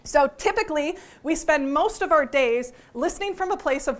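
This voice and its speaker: A woman teaching a workshop to a live audience, lively and joking, often putting questions to the room. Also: sits high, normal speed. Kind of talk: interactive workshop talk.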